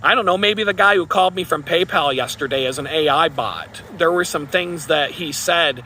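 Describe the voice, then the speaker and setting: Male vlogger, sarcastic rambling rant, bright forceful tone, slightly high pitch. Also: normal speed, slight background noise. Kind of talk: casual rant to camera.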